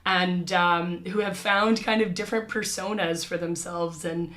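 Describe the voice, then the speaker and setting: A woman guesting on a podcast as a researcher, speaking in a measured, academic way in casual chat. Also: fairly low pitch, fairly even intonation, fairly bright tone.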